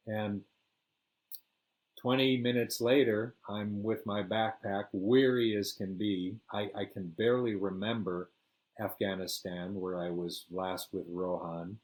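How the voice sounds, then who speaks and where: An older man telling a first-person travel story, relaxed and rambling with fillers. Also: on the low side. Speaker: storyteller host.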